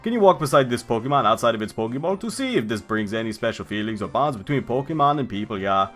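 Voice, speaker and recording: A man's voice: mid-range voice, animated, fairly bright tone, soft background music, close to an everyday voice. A man doing Professor Elm, mock-Swedish. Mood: eager. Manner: deliberately poor mock-Swedish accent, tags lines with "yeah". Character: fussy male Pokemon professor, bumbling, adult. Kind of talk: let's play character voice.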